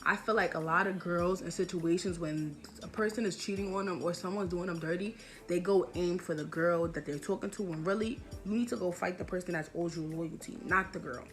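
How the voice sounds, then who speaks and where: A woman's voice: fairly low pitch, a little fast, soft background music. A young woman vlogger telling a personal storytime in emphatic slang, repeating her points for effect. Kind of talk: storytime vlog.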